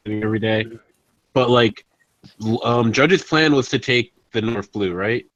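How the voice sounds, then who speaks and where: Halting man on a casual call. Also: medium pitch, a bit bright, no room sound, muffled recording. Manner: halting, filler-heavy. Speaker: podcast co-host. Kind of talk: casual group chat over voice call.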